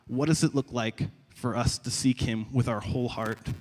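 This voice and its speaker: A young man preaching a sermon in a conversational, animated way, often stumbling and repeating words. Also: mid-range voice, normal speed, few pauses. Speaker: pastor. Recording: long reverb of a large hall.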